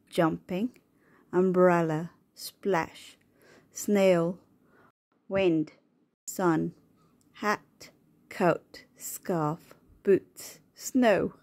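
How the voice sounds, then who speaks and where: Slow, low-pitched woman reading single words. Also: steady tone, darkish tone. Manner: slow, clear, one word at a time. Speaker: reader of a children's word book. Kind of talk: reading aloud word by word.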